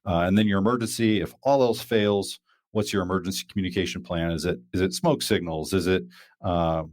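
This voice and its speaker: A man's voice: sits low, steady tone, a little fast, a little mellow, no echo, studio quality. A man hosting a casual podcast chat, talking loosely with lots of fillers and restarts. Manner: rambling, many fillers and restarts. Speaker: podcast host.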